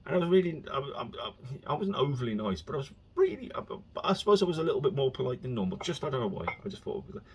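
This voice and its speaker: A man's voice: mid-range voice, very animated, quick pace, few pauses, breathy edge. A man hosting his own podcast, rambling casually from topic to topic and slipping into exasperated rants. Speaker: podcast host.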